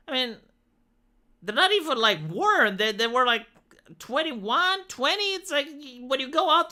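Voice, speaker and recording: A woman talks straight to her livestream viewers in a loose, profane rant. Her pitch sits a little high and bounces around a lot, and her tone is bright and sharp. She stumbles over words, repeats herself and keeps tossing in exasperated curses. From Romania. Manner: profane, exasperated, many restarts and fillers.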